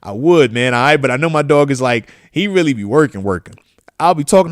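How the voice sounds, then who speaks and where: Animated slangy male live-show host. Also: on the high side, fast, no room sound, clean studio sound. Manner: animated, slangy, full of shout-outs and repeated phrases. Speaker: show host, former football player. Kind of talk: live-stream casual talk show.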